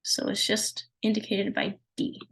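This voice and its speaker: A woman teaching a language lesson over a shared screen, patiently sounding out words slowly. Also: medium pitch, completely flat delivery, fairly bright tone, breathy edge, poor audio.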